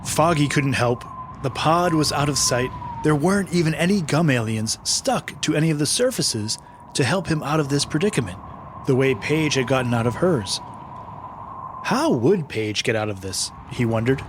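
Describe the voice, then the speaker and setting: A man's voice: mid-range voice, animated, moderate pace, noisy background. Man narrating a children's story podcast. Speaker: host and narrator.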